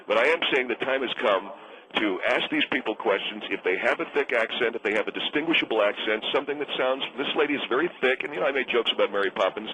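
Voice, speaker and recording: A man's voice: mid-range voice, quick pace, pushed and bright, natural voice, rough recording. A man playing a pompous, bigoted, snobbish frequent flyer who talks in a smug, rambling, bullying way on a radio comedy bit.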